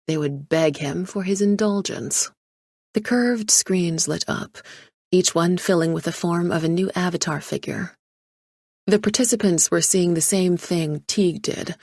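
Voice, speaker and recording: A woman narrating a thriller audiobook in a measured storytelling style, close to the mic. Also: on the low side, a little mellow, dry recording.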